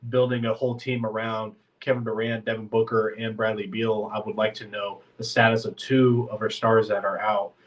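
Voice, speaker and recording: A man's voice: lowish voice, level tone, moderate pace, few pauses, far from the mic, dull audio. Congested man rambling on a podcast. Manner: rambling, filler-heavy, frustrated fan. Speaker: podcast host. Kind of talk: casual sports podcast talk.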